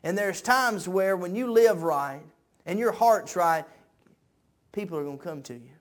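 A man preaching a sermon, moving from quiet conversational talk up to shouted peaks, repeating phrases in a preacher's cadence. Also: high-pitched, unhurried. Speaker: pastor.

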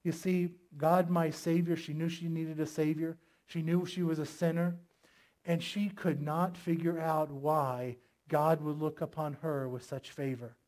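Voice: medium pitch, little pitch movement, unhurried, a little mellow. A pastor preaching a sermon with emphatic delivery, asking the congregation rhetorical questions.

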